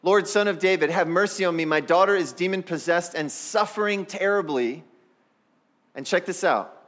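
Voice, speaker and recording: A pastor preaching a sermon in a fairly high voice for a man. He talks to the congregation as if chatting with them. Now and then he acts out the people in the story. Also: normal speed, fairly bright tone. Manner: conversational, talks straight to the congregation.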